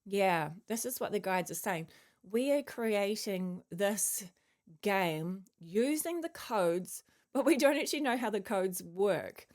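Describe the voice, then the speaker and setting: A woman's voice: medium pitch, animated, slow, darkish tone. Woman channeler, loose musing delivery, filler-heavy, mid-range voice. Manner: chewing a mint while talking. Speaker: channeler sharing spiritual messages. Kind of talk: casual spiritual monologue.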